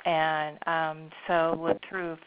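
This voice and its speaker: A woman caller sharing a personal experience, animated and acting out her own inner dialogue. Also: low-pitched, slow pace, smooth. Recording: dull lo-fi line.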